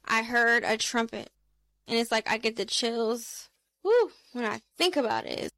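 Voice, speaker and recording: Woman, young adult, urgent emotional testimony, slightly high voice. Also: lively intonation, measured pace, a bit bright, no echo. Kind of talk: testimony of a dream, preaching to camera.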